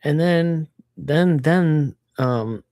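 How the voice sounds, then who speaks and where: Mellow-voiced woman telling a rambling story. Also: sits low, very slow, dry recording, clean studio sound. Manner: animated storytelling, swears freely, acts out quotes. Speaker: livestreamer. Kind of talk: casual livestream chat.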